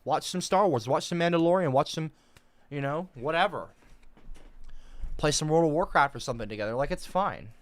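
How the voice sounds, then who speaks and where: A man chatting casually as a streamer reading out his chat, lively and rambling, quick to get defensive. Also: on the high side.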